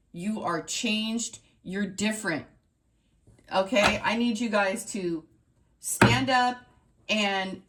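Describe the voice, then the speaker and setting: A woman's voice: mid-range voice, fairly bright tone. A woman running a tarot reading channel, talking straight to her viewers in an emphatic, repetitive pep-talk style. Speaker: tarot reader.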